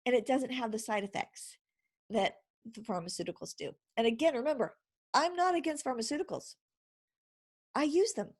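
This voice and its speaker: A middle-aged woman talks straight to the camera in a chatty, encouraging way, laughing now and then. Her voice sits a little high and has a husky, breathy edge. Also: lively intonation, moderate pace, pauses often. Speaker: vlogger. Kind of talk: casual instructional vlog.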